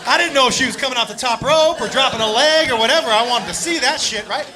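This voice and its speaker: A man doing stand-up with a strikingly high-pitched voice, telling a story loudly and animatedly, swearing and shouting to the room. He is recorded live on a club stage with a handheld mic, with the audience laughing and clear background noise throughout. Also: quick pace. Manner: loud, animated, profane, often shouting to the crowd. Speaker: stand-up comedian.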